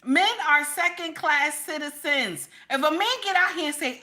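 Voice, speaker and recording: A woman's voice: high-pitched, moderate pace, pushed and bright. A middle-aged woman giving casual, emphatic reaction commentary, repeating her points in a preachy way.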